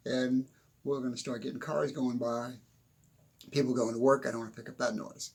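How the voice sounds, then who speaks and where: An older man with a gravelly, husky voice gives a loose motivational talk from a stuffy little room at home. He rambles, chuckles at himself and drifts into asides while sweating through it. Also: mid-range voice, little pitch movement, moderate pace, a little mellow. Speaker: motivational speaker. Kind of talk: casual motivational monologue. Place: small home room, windows shut.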